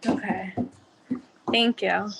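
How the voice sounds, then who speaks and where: A woman's voice: mid-range voice, fairly even intonation, slow, gravelly, background noise. A woman audience member chatting casually during a reading, trailing off with "like.". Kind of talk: casual chat.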